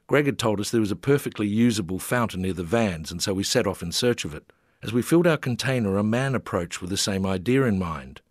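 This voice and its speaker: An older man reading his travel memoir in a lowish voice, measured and gently amused. The sound is close and dry, with no room around it. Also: no echo. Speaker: memoir narrator.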